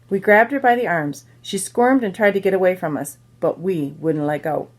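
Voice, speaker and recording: A woman's voice: medium pitch, animated, moderate pace. A woman reading a children's novel aloud, telling it in plain first-person storytelling. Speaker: reader.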